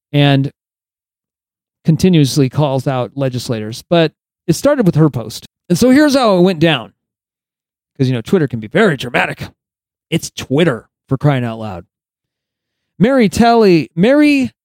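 A man's voice: fairly high pitch, a little mellow, no echo. A male podcast host delivering opinionated solo commentary, sarcastic and emphatic, lecturing his listeners.

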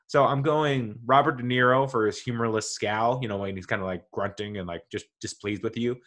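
A man's voice: medium pitch, fairly even intonation, brisk, a bit bright. A man hosting a podcast, talking casually and enthusiastically, rambling and correcting himself as he goes. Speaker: podcast host. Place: home with dogs nearby.

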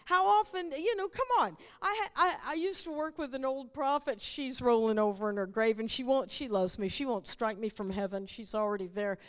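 In a church sanctuary, a woman with a high, clear, resonant voice preaches a sermon, playfully teasing the front row and acting out quoted voices. She speaks at normal speed with hardly any pauses, and a long reverb trails her words as in a large hall.

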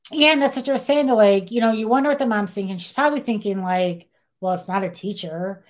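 A young woman co-hosting a podcast retells a true-crime story in a casual, chatty way, saying "like" a lot. She is animated and acts out the quoted lines as dialogue, talking fast in a slightly high voice.

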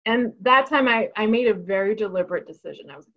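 A woman lawyer being interviewed, speaking candidly and thoughtfully with a mid-range voice. She often pauses and restarts her sentences. The audio sounds muffled and lo-fi. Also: medium pitch, lively intonation. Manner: reflective, frank, with frequent restarts. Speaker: lawyer and author, guest.

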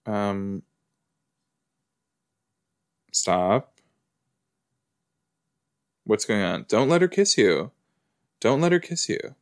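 Slow low-voiced man reacting casually. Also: sing-song. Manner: chatty, exclaiming and asking questions at the screen. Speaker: reaction video host. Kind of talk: casual watch-along reaction commentary.

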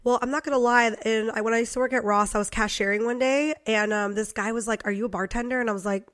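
Young woman, stuffy from a cold, a bit raspy, highish voice, loose profane chatter. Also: fairly even intonation, fairly bright tone. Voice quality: raspier than usual. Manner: chatty, profane, quick laughs. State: congested with a cold. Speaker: podcast co-host. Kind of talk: casual chat.

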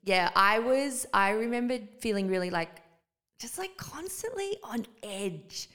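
A woman's voice: fairly high pitch, lively intonation, a little slow, a bit bright. A woman co-hosting a podcast, telling a personal story in a loose, casual way with easy laughs. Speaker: podcast co-host. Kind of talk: casual chat.

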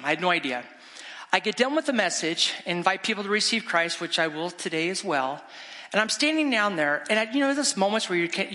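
A middle-aged man, a guest evangelist, preaching an animated, exclamatory storytelling sermon in a church sanctuary. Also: sits high. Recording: long church reverb.

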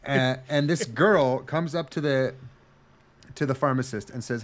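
A man on a casual comedy podcast, recapping a story with lots of swearing and quick, animated character voices. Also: mid-range voice. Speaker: podcast co-host.

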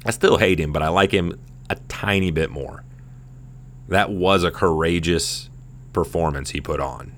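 A man in his thirties hosting a casual sports chat, telling a fight story in a profane, rambling, animated way. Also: deep voice, unhurried, a little hiss or hum. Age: 30s. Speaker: podcast host.

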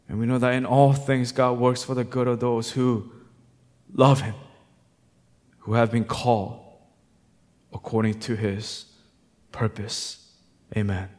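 A man preaching a sermon as pastor. He moves between hushed, reflective passages and loud, fervent, repetitive exhortation. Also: mid-range voice, level tone, a little slow, long pauses. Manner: emphatic repetition.

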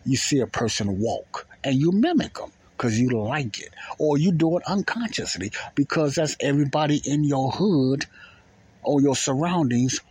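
Male podcast host, husky, mid-range voice, rambling folksy monologue. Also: medium pitch, animated, moderate pace, a little mellow. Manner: rambling, repeats phrases, folksy plain talk. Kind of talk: casual spoken monologue.

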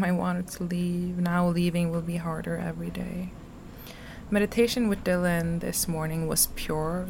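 A woman reading aloud from her personal journal, soft and slow, sometimes dropping to a whisper. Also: on the low side, gravelly, a little hiss or hum. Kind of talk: intimate journal reading, poetry-like.

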